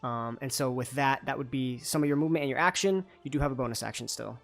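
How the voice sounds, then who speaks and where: A man's voice: medium pitch, fast, creaky, soft background music. Chatty man running a tabletop game. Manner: chatty, loose narration full of fillers and restarts. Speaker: dungeon master. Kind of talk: narrating a tabletop game over a call.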